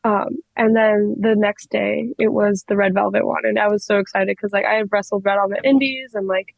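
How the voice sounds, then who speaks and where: A young woman in her twenties, a wrestler telling stories in a casual interview, excitable and giggly with lots of fillers. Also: medium pitch, a little fast, gravelly, no echo, dull audio. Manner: excitable, giggly, many likes. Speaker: wrestler, guest.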